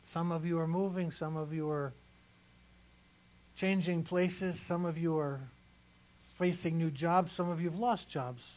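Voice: medium pitch, fairly even intonation, a little slow, long pauses, darkish tone, poor audio. Pastor, mid-range voice, chatty sermon delivery that leans on repetition. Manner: conversational, repeats phrases for emphasis.

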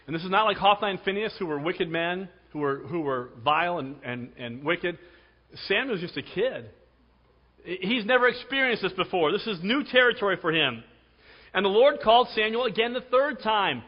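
Dramatic preaching man, high voice. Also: animated, moderate pace. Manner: dramatic preaching, swings from loud to hushed. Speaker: pastor. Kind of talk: sermon. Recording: dull sound with long hall reverb.

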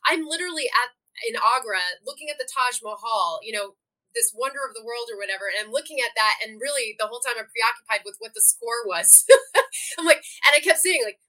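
A middle-aged woman, a program director, chatting as a podcast guest, animated and laughing often as she tells stories. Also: a little high, fairly quick. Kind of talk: casual interview chat.

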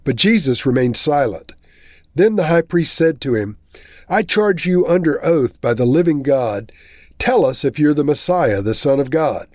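A man's voice: fairly high pitch, lively intonation, moderate pace, a little mellow, no echo, clean studio sound. A man reading a Bible chapter aloud and then explaining it in a plain teaching manner.

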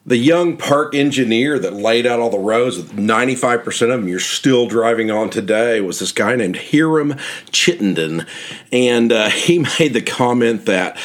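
Enthusiastic, rambling male tour guide. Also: medium pitch. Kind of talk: casual guided tour narration.

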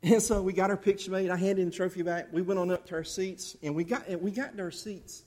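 Pastor guy preaching, highish voice, goes loud then real quiet. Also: steady tone, fast. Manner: swings from loud fervent bursts to soft intimate asides. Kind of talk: sermon.

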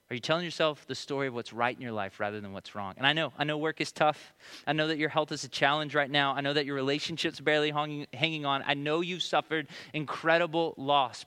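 A man in his thirties preaching a sermon, telling personal stories in a conversational way and moving between emphatic questions and quiet prayer. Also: medium pitch, fast talker, clear, resonant tone. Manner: conversational storytelling, rising to emphatic questions then dropping to hushed prayer. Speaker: pastor.

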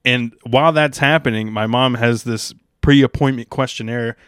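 A young man with a smooth, clear voice rambles through a casual solo monologue, wry and unfiltered, swearing freely. The sound is close and dry, with no room echo. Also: mid-range voice, moderate pace, a bit bright. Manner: rambling, crude and profane, wry. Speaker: stand-up comedian.

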